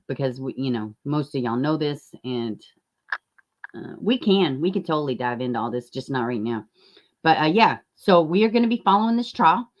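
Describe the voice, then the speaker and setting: A woman with a low voice hosts a true crime livestream, chatting casually and reading out viewer comments. She's blunt and profane, and her talk flares into heated rants.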